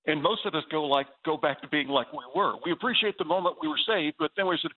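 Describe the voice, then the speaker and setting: A man's voice: fairly high pitch, quick pace, few pauses. A man with a Southern US accent, a guest on a faith talk show, speaking earnestly and with enthusiasm. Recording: tinny phone line.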